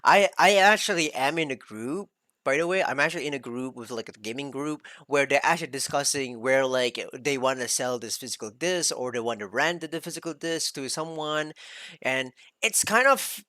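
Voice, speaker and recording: A man's voice: medium pitch, animated, moderate pace, pushed and bright, dry recording. Male streamer, heated rambling rant, swears a lot, dry recording. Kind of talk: ranting reaction commentary.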